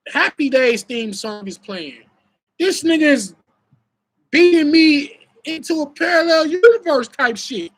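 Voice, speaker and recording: A young adult man talks loosely on a live stream, swinging between loud bursts and low mutters as he tells his story. His voice has a bright, forward edge. He swears freely and stays animated. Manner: animated, profane, laughing storytelling. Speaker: battle rapper and host. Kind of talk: live stream casual talk.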